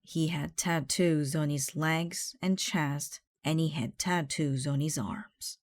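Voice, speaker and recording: A woman reading a children's picture book aloud in a slow, clear way. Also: sits low, fairly even intonation. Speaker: storybook reader.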